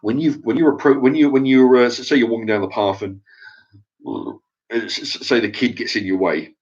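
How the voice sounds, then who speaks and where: A man's voice: mid-range voice, a little fast, darkish tone. A middle-aged man with an English accent rants to camera in an opinion vlog, stumbling over restarts and swearing often. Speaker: vlogger. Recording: dull lo-fi recording.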